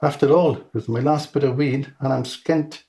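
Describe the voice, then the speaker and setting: A man's voice: mid-range voice, normal speed, dark tone, lightly acted. A man voicing a grumbling, skint hunchbacked male bell ringer in a storybook reading. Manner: grumbling, sulky.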